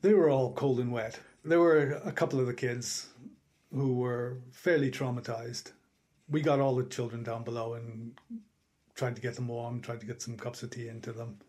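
A man on a rescue boat recounting events in a plain, even way. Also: mid-range voice, moderate pace. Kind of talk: interview.

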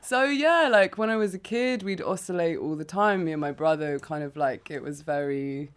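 A woman's voice: deep voice, normal speed, clear, resonant tone. Giggly self-mocking woman from England. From England, with Irish parents. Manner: self-deprecating, giggly, many fillers. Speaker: writer and performer guest. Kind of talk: radio interview. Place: radio studio.

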